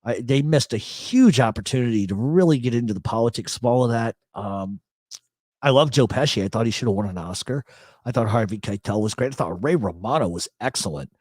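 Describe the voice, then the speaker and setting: A man's voice: medium pitch, expressive, a little fast, darkish tone, no echo. A middle-aged man hosting a casual livestream from his apartment, reading chat comments and telling rambling, joking, profane stories. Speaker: host. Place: apartment in a big city.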